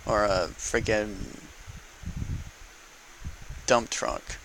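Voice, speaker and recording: A man's voice: fairly low pitch, fairly even intonation, drawn-out words, a bit bright, slight background noise, poor audio. A man ranting heatedly to camera in an unedited vlog, swearing often and repeating words for emphasis. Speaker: vlogger. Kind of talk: unedited political rant to camera.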